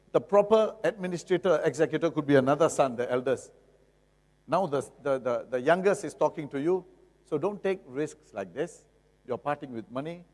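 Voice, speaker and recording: A middle-aged man with a Singaporean English accent gives a lively, jokey seminar talk, often asking the audience rhetorical questions. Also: fairly high pitch. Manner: jokey, acts out buyers and sellers. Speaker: lawyer giving a seminar talk. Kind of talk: seminar lecture. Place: seminar hall. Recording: long reverb of a seminar hall.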